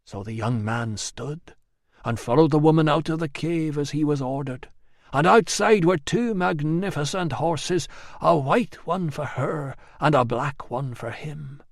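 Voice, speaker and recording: Man, audiobook narrator, measured expressive reading, somewhat high voice, dry close sound. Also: dry recording. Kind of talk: scripted narration.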